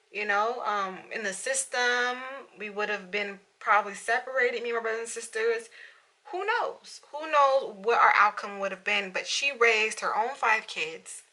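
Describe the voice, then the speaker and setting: A woman's voice: a little high, moderate pace, sharp tone, rough recording. A young woman vlogging candidly to camera at home, emotional and fighting back tears, with lots of "you know"s. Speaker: beauty vlogger. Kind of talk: casual confessional vlog. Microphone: camera in front of her.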